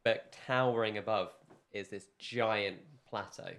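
A man narrating as game master in a tabletop game, describing scenes in a relaxed way. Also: fairly low pitch, measured pace.

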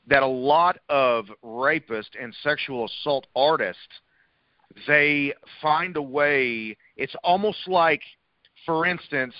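A man's voice: medium pitch, no echo. Casual male interviewer, muffled sound. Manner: casual, uses many fillers. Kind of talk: conversational interview. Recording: dry, dull lo-fi sound.

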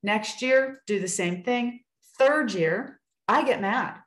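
A woman's voice: on the high side, slow, fairly bright tone, reverberant, rough recording. A woman sharing a personal faith story in casual talk on a video call, earnest and acting out what people said. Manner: earnest storytelling with acted-out quotes.

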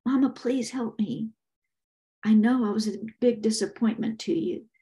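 A woman's voice: on the high side, normal speed, dark tone, pitched above the performer's own voice, lightly acted. Woman voicing a quivering, pleading male henchman. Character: frightened simple-minded male henchman.

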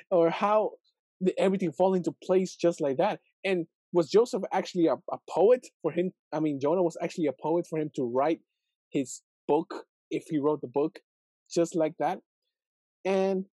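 Mellow-voiced man musing on scripture. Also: fairly high pitch, no echo. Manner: thinking aloud, many fillers and rhetorical questions. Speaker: video host reflecting on scripture. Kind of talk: casual Bible reflection video.

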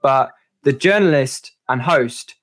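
A man's voice: mid-range voice, animated, takes it slowly, fairly bright tone. A man guest on a podcast, talking casually in a rambling, hesitant way with many fillers. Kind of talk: casual chat.

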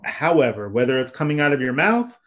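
A man co-hosting a podcast, speaking in a measured, halting way with many fillers. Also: medium pitch, big pitch swings, a bit bright. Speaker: podcast co-host. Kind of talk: casual chat. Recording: dull lo-fi audio.

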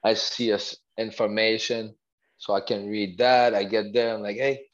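Guy, halting and full of restarts, middle pitch, bit muffled lo-fi sound. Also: level tone. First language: French. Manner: halting, many restarts and fillers. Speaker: guest, former athlete. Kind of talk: casual storytelling interview.

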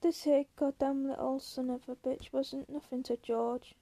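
A woman voicing a big, simple-minded male farmhand who talks in a slow, pleading, fearful way. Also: high voice, level tone, warm tone, no room sound. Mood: sad.

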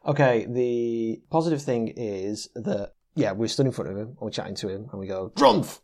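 A man's voice: on the low side, moderate pace, warm tone. A man playing in a tabletop game, casually describing his character's actions. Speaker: player. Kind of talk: casual tabletop role-play chat.

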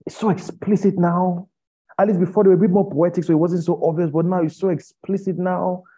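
A man preaching an impassioned sermon, firing rhetorical questions at his listeners and rising to loud pleading. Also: high-pitched, flat delivery, brisk, breathy edge. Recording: dull lo-fi recording.

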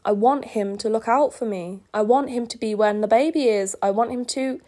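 A woman's voice: fairly high pitch, moderate pace, dark tone, lightly acted. Marceline, a sulky vampire girl read by a woman. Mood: tearful. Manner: sarcastic, then tearful and clingy. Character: moody young vampire woman, sarcastic and hurt. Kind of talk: reading her own fan fiction aloud.

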